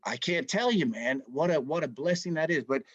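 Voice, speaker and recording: Bible study leader, male, fairly high voice, chatty storyteller; dull dry lo-fi sound. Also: moderate pace, breathy edge, no room sound. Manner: conversational, animated storytelling, says "man" often. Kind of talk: casual Bible study teaching.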